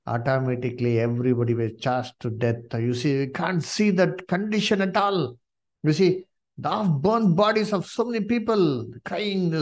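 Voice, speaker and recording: Impassioned Indian-accented man preaching. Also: on the high side. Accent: Indian English. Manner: impassioned, frequent "you see" and "uh". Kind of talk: sermon.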